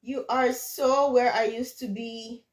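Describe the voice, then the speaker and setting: A woman's voice: a little high, steady tone, echoey room. Encouraging woman teacher on a video call. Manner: encouraging, quick corrections. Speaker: French teacher. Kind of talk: online tutoring session.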